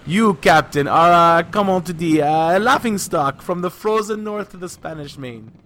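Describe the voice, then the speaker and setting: A man playing a sneering French sea captain from a comic pirate yarn, pitched up high and loud as he jeers across the water. His English comes with a thick, theatrical French flavour, and every line drips with mockery. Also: moderate pace. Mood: mocking.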